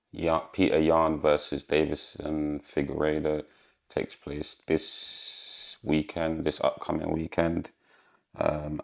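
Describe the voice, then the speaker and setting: A man's voice: rumbling low, creaky. A man casually giving fight predictions on his own channel, rambling and hesitant with frequent ums. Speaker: MMA predictions YouTuber.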